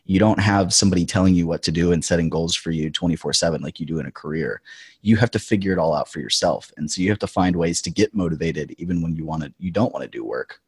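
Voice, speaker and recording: A man co-hosting a podcast with a hoarse, scratchy voice, chatting casually and getting fired up in quick bursts. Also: sits low, no room sound, studio quality. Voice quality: husky, scratchy. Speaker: podcast co-host. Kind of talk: casual chat.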